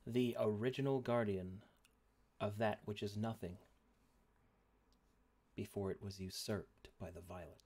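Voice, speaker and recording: A man acting as dungeon master, narrating a tabletop game in a slow, solemn way. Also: on the low side, steady tone, mellow, breathy edge.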